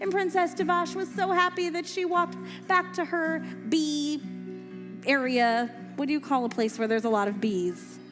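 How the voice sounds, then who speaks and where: A woman's voice: sits high, steady tone, normal speed. A woman telling a story to children at a family service, playful and quizzing them with questions. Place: synagogue sanctuary. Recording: echoey hall with faint music.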